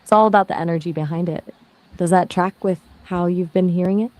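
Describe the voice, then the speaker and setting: A woman's voice: fairly low pitch, fairly even intonation, fairly quick, a little mellow. A synthetic woman's voice answering questions as a conversation partner, in a breezy, chatty explaining manner.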